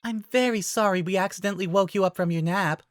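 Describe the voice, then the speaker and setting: A reader voicing a timid, gentle young woman druid who talks softly and sweetly, in an audiobook-style fan reading. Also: mid-range voice, quick pace, no room sound, studio quality, pitched above the performer's own voice, close to an everyday voice.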